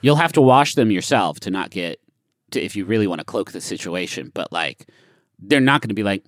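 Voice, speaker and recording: A man's voice: lowish voice, animated, a little fast, no room sound, studio quality. A man co-hosting a comedy podcast, reading advice aloud with jokey asides and casual swearing. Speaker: podcast co-host.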